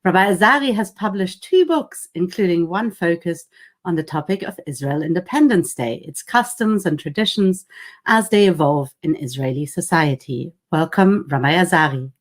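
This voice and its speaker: A woman who is a rabbi chairs the session, formally introducing the panel speakers in a measured, read style. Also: on the low side, animated. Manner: measured and formal, reading bios.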